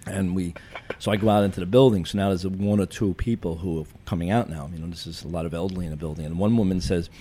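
A retired police chief telling wry, deadpan stories from his career in an interview. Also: low-pitched, fast talker, slight background noise. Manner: wry, deadpan anecdotes with cop jargon. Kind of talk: storytelling in a podcast interview.

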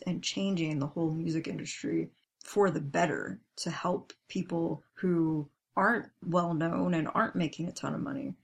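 A woman's voice: fairly low pitch, creaky, breathy edge. A woman co-hosting a casual fan podcast, reading tweets aloud and then commenting on them with a laugh. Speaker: podcast co-host.

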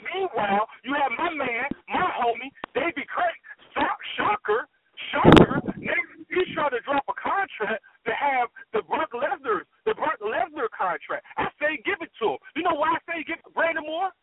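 A brash man rants through a wrestling promo in a very high, lively voice that swoops up and down. He is heard through a thin, tinny phone line. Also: normal speed, hardly any pauses. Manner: ranting, brash, trash-talking. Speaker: wrestling persona guest.

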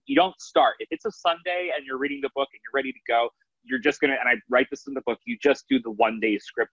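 A man's voice: mid-range voice, fairly bright tone, breathy edge, no echo. Rambling man with a dull lo-fi sound. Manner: rambling, many restarts and fillers. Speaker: author and manifesting coach. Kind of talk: casual interview talk.

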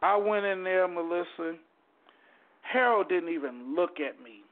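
A man telling a personal story as a guest, animated and stumbling over repeated words. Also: high-pitched, measured pace. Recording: tinny phone-like line.

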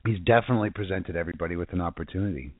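An internet radio preacher from South Florida delivers an informal, fervent, rambling sermon full of restarts and repeated phrases. His voice is low and very fast, with slight background noise and a tinny phone-line sound.

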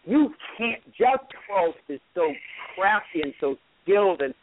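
A man's voice: high-pitched, sing-song, unhurried, a little hiss or hum. Man, host, casual call-in chat, rambling, repeats himself, tinny phone sound. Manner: rambling, lots of restarts and repeats. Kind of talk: casual call-in show talk.

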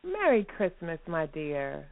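A woman's voice: sits low, wildly swooping pitch, takes it slowly. A woman hosting a radio show in casual chat, bubbly and playful, laughing often. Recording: phone-like narrow radio sound.

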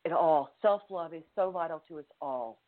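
A woman's voice: low voice, moderate pace. A middle-aged woman author telling a personal story in an interview, earnest and given to laughing. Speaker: guest author. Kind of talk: interview over the phone. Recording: tinny phone line.

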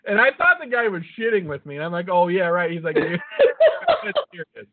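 A man's voice: high voice, huge pitch swings, moderate pace. Profane rambling storyteller man, tinny sound. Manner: rambling, swears constantly, laughs at own jokes. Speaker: podcast co-host. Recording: phone-like lo-fi audio.

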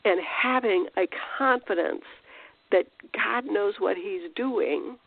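In a slow, creaky, medium-pitched voice, a Christian teacher delivers a casual spiritual talk, restarting often and posing rhetorical questions. It's a dry recording with a tinny, phone-like quality.

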